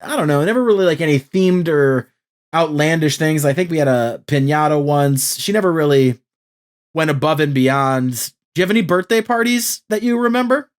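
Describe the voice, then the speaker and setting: A man's voice: fairly high pitch, expressive, moderate pace. A man hosting a podcast in casual chat, emphatic and acting out the quotes in his stories. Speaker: podcast host.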